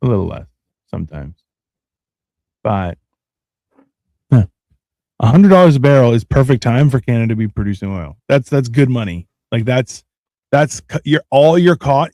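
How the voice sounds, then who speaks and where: A man in a relaxed livestream conversation who walks through his points plainly and keeps checking that the listener is with him. His voice sits at an ordinary middle pitch. It is recorded dry, with no room sound around it. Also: no echo. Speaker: co-host. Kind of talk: casual livestream chat.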